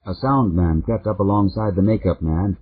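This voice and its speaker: A man reads a mystery novel in a steady, measured voice, low in pitch and husky. The sound is narrow and phone-like. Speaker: audiobook narrator. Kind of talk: scripted narration.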